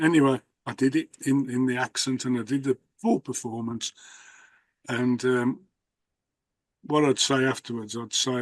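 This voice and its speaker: A man's voice: mid-range voice, steady tone, moderate pace, no room sound. Chatty male host, dry sound. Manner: rambling, anecdotal, with restarts. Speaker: host, magician. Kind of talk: casual conversation.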